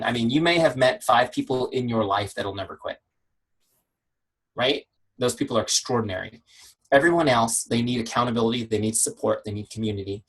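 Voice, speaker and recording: A man leading a team training call on a video call, energetic and conversational, peppering his talk with rhetorical questions. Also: medium pitch, breathy edge, low-quality recording. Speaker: network marketing trainer. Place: home office shed.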